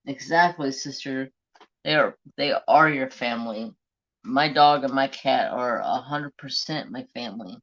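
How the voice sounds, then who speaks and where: A man hosts a live craft stream in a bright, forward voice, chatting bluntly and swearing freely. The talk is loose and chatty. The audio is dull and lo-fi. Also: mid-range voice, measured pace. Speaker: craft livestream host. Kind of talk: casual live-stream chat.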